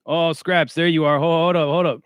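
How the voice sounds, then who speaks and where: A man's voice: on the high side, steady tone, brisk, clear, resonant tone, no echo, studio quality. A man hosting a casual livestream, talking in streetwise slang and greeting viewers by name. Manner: streetwise slang, reads chat names aloud. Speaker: livestream host.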